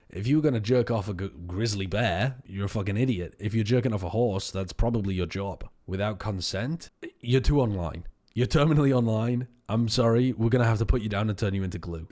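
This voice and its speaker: A man in his thirties, a streamer riffing through deadpan, rambling tangents while reading chat. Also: lowish voice. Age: 30s.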